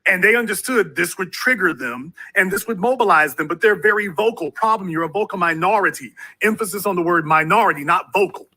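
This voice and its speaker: Forceful high-voiced male talk-show host. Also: expressive, fairly quick, hardly any pauses. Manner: forceful, repetitive preaching delivery. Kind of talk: call-in political talk show.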